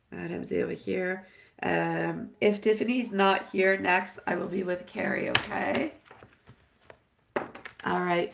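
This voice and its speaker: A woman's voice: fairly low pitch, gravelly, fairly bright tone. A woman doing a live-stream tarot reading, chatty and affectionate, dropping Italian phrases as she answers viewers. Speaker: tarot reader.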